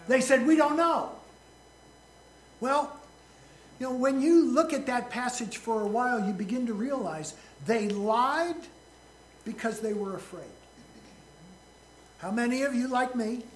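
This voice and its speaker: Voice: mid-range voice, reverberant, a little hiss or hum, rough recording. A pastor preaching a sermon in a folksy, joking way, asking the congregation questions along the way.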